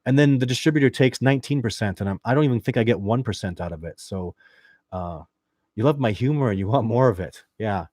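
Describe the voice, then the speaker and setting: A Canadian man hosting a casual livestream, reading viewer questions and rambling excitedly with lots of restarts and fillers. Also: medium pitch, quick pace, no echo, studio quality. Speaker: livestream host.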